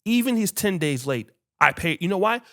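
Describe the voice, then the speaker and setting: A man hosting a podcast who tells stories in casual chat, animated and swearing freely while acting out what people said. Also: sits high, moderate pace. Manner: animated, acts out quoted dialogue, swears freely. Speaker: podcast host.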